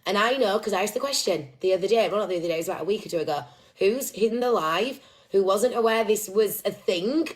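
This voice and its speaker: A woman hosting a live stream and chatting casually into her phone. She is blunt and swears freely. Her voice sits at an ordinary mid pitch. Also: fast talker. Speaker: livestream host.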